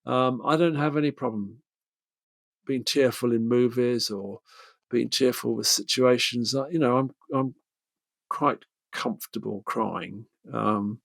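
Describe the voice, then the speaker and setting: A man's voice: mid-range voice, a little slow, creaky, fairly bright tone, no echo. A middle-aged man, a therapist from Britain, speaking thoughtfully and hesitantly with many fillers. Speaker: therapist guest. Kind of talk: casual conversation.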